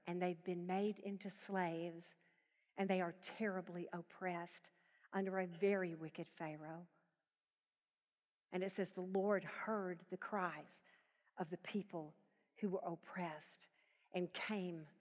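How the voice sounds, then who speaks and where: A woman Bible teacher preaching to a live audience, swinging from hushed tones to loud emphasis. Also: fairly low pitch, long reverb tail. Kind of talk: sermon. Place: large live event venue.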